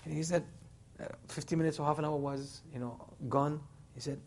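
A man giving a sermon, retelling a story with animated, dramatic quotes of the people in it. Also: fairly high pitch, a little fast, slight background noise. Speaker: Islamic preacher.

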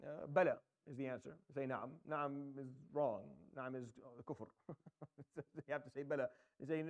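Fast-talking man teaching Quran grammar. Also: medium pitch, a little mellow. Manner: explains Arabic grammar step by step, recites verses in Arabic; quick talker with frequent fillers and restarts. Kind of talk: Quran tafsir lesson.

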